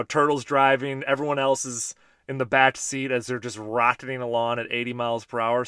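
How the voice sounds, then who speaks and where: A man in his thirties hosts a podcast in a casual, joking way. His voice sits at an ordinary pitch and sounds dry and close to the mic. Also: a bit bright, no echo. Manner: laid-back, chatty, joking. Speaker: podcast host. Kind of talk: casual podcast talk reading listener voice memos.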